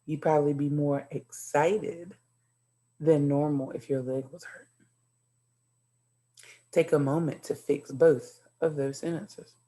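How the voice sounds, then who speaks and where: A woman teaching young children in a recorded video lesson, cheerful and encouraging. She speaks slowly and clearly to the kids. Her voice sits a little low and sounds mellow and warm. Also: fairly even intonation. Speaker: second grade teacher. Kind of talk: recorded virtual classroom lesson.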